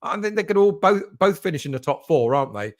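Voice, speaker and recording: A man's voice: high voice, sing-song, quick pace. A man from England hosting a casual live stream for football fans, rambling and greeting chat viewers by name. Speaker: fan channel host reading live chat.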